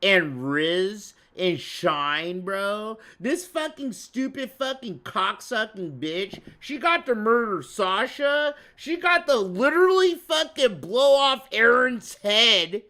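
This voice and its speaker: Bright-voiced man ranting crudely. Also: high-pitched, expressive, takes it slowly, few pauses. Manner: crude, ranting, heavy on swearing. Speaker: streamer. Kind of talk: profane reaction commentary.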